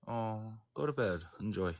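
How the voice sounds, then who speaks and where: Low-voiced man telling a rambling story. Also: animated, vocal fry, a little mellow. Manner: rambling, halting, full of fillers and self-corrections. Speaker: interviewee. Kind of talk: casual storytelling.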